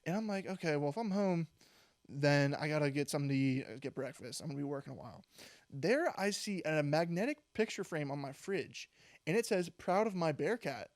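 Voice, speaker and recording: A man's voice: a little high, animated, brisk, no echo, clean studio sound. A young man co-hosting a podcast, chatting casually and rambling through stories with lots of "like" and laughter. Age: young adult. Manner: rambling storytelling with frequent "like" and laughs. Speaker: podcast co-host. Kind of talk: casual chat.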